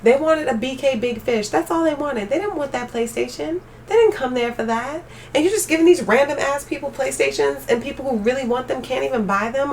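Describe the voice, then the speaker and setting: Young woman streamer going off to chat, kinda high voice, faint hiss behind her. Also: a little fast, hardly any pauses, distant mic. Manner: animated ranting, talks straight to chat. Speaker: live streamer. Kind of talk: casual live-stream chat.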